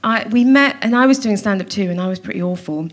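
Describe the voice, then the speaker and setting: A woman's voice: mid-range voice, fast. A woman from Wales, a comedian guest telling stories on a theatre stage in a dry, self-mocking way. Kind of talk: live comedy interview. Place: theatre stage before a live audience.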